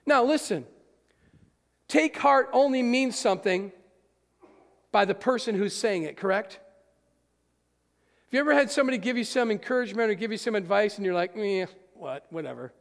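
A man preaches in a high, gravelly voice, and his words trail off into the long reverb of a big church hall. He talks straight to his congregation, emphatic, moving between hushed and forceful. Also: normal speed, pauses often. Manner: addresses the congregation directly. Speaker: pastor. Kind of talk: sermon.

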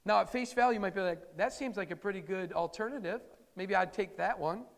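High-voiced gravelly man preaching in a hall. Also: brisk. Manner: conversational, emphatic, acts out quotes. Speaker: pastor. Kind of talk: sermon.

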